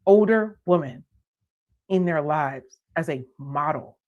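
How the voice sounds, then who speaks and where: A woman's voice: sits low, expressive, slow pace, highs cut off. A woman hosting a live stream, delivering an indignant commentary rant with restarts and disbelieving laughter.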